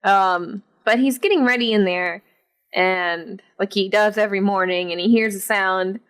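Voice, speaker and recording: A woman's voice: medium pitch, moderate pace, clean tone. Chatty woman reviewing a horror film. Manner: animated, exasperated, many fillers. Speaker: podcast co-host. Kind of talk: casual chat reviewing a film.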